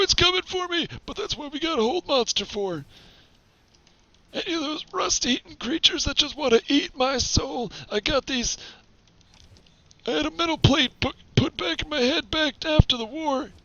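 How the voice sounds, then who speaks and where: A man's voice: extremely high pitch, bright, forceful tone, no echo, highs cut off, exaggerated voice. A man putting on a grumpy old robot veteran. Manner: rambling, grumbling old-timer bragging. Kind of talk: in-character game streaming.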